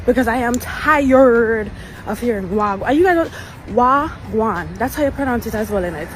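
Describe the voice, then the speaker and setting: A woman with a Jamaican accent teaching everyday phrases, repeating each one slowly. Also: on the high side, expressive, noisy background. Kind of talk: casual teaching clip.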